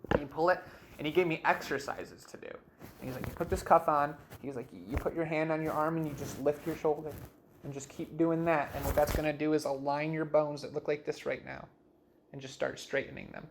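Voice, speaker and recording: A young man telling his life story in an interview, in a casual, animated way, full of "like" and "you know what I mean", and acting out the dialogue he quotes. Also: fairly high pitch, a little hiss or hum. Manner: acts out quoted dialogue in shifting voices.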